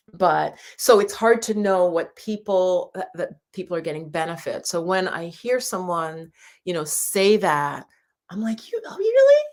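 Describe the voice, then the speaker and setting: A woman hosting a live stream for her channel, chatting casually with viewers in a rambling, laughing way. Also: on the low side. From United States. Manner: chatty and warm, with frequent laughs and rambling asides. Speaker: YouTube channel host.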